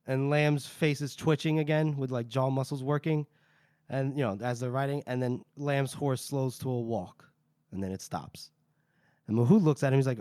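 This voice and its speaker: A man's voice: mid-range voice, fairly even intonation, moderate pace, warm tone, dry recording, clean studio sound. A man co-hosting a book podcast, recapping chapters in a casual, rambling way full of "you know" and "like". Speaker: podcast co-host.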